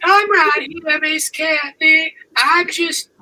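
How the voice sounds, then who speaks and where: A woman's voice: high-pitched, slow pace, sharp tone, voice pushed up, exaggerated voice, poor audio. A woman voicing a sassy female puppet from New York, blunt and teasing. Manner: blunt, teasing, calls host "Miss Kathy".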